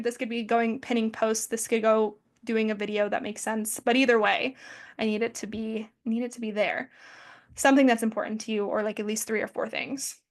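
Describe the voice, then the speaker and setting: A woman's voice: on the high side, fairly bright tone. A woman in her twenties giving a casual, friendly presentation with lots of fillers. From American Midwest family. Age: 20s. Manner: chatty, friendly, peppered with fillers. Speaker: social media presenter.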